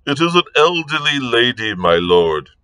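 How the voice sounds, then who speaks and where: A man reading aloud and voicing a quiet, formal manservant who speaks politely and measuredly. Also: mid-range voice, very animated, moderate pace, dry recording. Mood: deferential.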